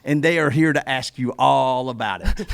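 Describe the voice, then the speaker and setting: A man's voice: medium pitch, gravelly. A man hosting a casual interview podcast, telling a story with lots of "like" and restarts. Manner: lively storyteller with many restarts and "like". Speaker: podcast host.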